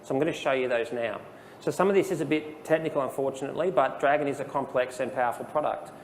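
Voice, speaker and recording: A man presenting a live training session, casual and explanatory, dropping in plenty of ums. His voice sits at a middle pitch and carries a long room reverb with a faint hum behind it. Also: fast. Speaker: software trainer. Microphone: handheld dictation microphone.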